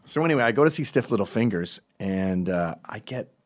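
American guy, low voice, lively up-and-down storytelling, digressive comic monologue, dry sound. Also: brisk, no room sound. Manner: rambling, digressive, deadpan asides.

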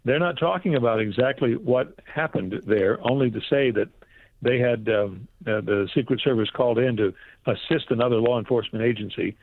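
Guy phoning in a news report, rough gravelly voice, kinda rambly, tinny line. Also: medium pitch, brisk, no room sound. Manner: relaxed, rambling with fillers. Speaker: correspondent.

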